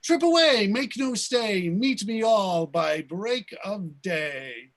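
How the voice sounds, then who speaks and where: A man's voice: high voice, expressive, slow, full character voice. A man reading a stately ruler and the fairy king in a Shakespeare reading over a video call, declaiming the verse. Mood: commanding. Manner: declaiming verse, then chatty thanks. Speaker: organizer of the reading and actor.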